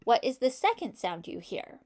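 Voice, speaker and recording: A woman's voice: on the high side, big pitch swings, normal speed, darkish tone. A woman teaching a phonics lesson to children, patiently sounding out each sound in a word and praising answers.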